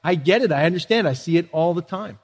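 High-voiced pastor preaching in a reverberant church. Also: male voice, animated, fast talker, breathy edge. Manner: conversational preaching with rhetorical questions. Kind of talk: sermon. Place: church sanctuary.

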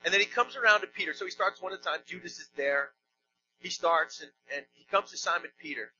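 A man's voice: high voice, lively intonation, fast, dull audio, slight background noise. A man preaching a sermon in a church, conversational and emphatic, with joking asides. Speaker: pastor.

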